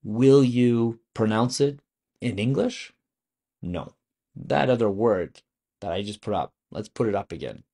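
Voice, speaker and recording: A man's voice: on the low side, measured pace, mellow, breathy edge. A man teaching a video lesson on French vocabulary, explaining patiently and asking the viewer questions.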